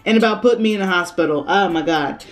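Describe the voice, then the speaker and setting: A woman's voice: fairly low pitch, quick pace, faint music behind. A young woman chatting casually on her vlog, brash and playful, swearing freely and laughing often. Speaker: vlogger.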